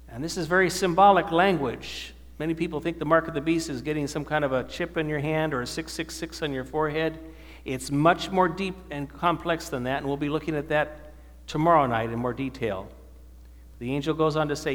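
This preacher has a somewhat high, fairly bright voice and speaks a little quickly. Addressing a live audience in a church or meeting hall, he frequently asks questions and answers them himself, with long hall reverb on the recording.

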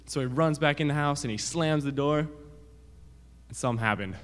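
A man's voice: fairly high pitch, brisk. A man telling a story to children, in a casual, rambling way with restarts and acted quotes. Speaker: children's sermon speaker. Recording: reverberant hall.

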